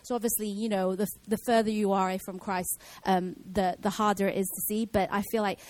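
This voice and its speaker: A woman's voice: mid-range voice, level tone, brisk, darkish tone, low-quality recording. A woman giving an informal Bible teaching in a casual way, with many fillers and restarts.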